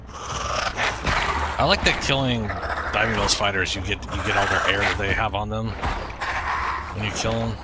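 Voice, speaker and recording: A man giving casual gameplay commentary, excitable and talking back at the game. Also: lowish voice, heavy background noise. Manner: excitable, talks to the game, swears. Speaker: gaming streamer.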